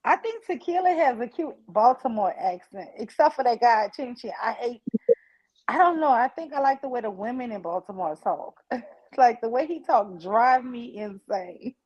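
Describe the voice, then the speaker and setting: A woman in her forties from New Orleans with a Southern accent, chatting emphatically on a video call and quoting people in lively voices. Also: on the high side, normal speed, husky. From New Orleans, Louisiana. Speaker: panelist. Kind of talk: casual chat. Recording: slightly muffled audio.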